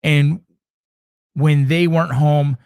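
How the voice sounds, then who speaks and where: A man's voice: fairly high pitch, steady tone, takes it slowly, creaky, darkish tone, smooth, no room sound, clean studio sound. A man in his forties hosting a casual livestream chat, talking emphatically, repeating himself and swearing casually. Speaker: show host.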